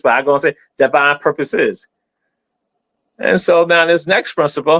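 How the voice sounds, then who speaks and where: A man's voice: mid-range voice, fairly bright tone, no echo. A man giving an explanatory live stream talk in an emphatic, teacherly way, repeating himself and spelling words out letter by letter.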